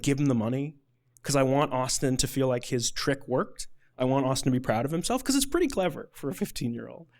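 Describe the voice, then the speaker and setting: A man telling a personal story on stage in a casual, chatty way, full of "like" fillers. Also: mid-range voice.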